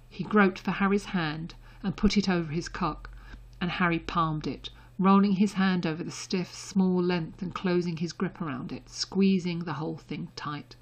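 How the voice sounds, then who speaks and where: A woman reads a story aloud in a soft, intimate audiobook delivery. Her voice sits low, with a husky, breathy grain. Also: moderate pace, highs cut off. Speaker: reader. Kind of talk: audiobook narration.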